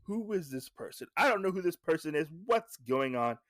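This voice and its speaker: A man's voice: on the high side, big pitch swings, normal speed, a bit bright, no room sound, voice pushed up. A man voicing an arrogant male cat who runs a gang and blusters threats in a voice close to his own. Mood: blustering. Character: arrogant gangster son, male cat boss.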